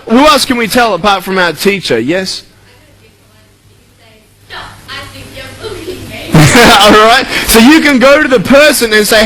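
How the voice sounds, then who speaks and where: Bright-voiced, playful man addressing kids. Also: high-pitched, poor audio. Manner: playful, energetic, quizzes the crowd. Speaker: motivational speaker. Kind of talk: speech to a school audience.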